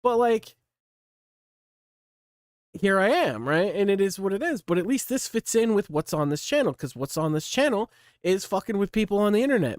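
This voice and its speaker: A man's voice: high voice, no room sound, studio quality. A man hosting his own channel, scolding someone bluntly in a profane, ranting commentary. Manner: blunt, scolding, heavy swearing. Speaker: channel host.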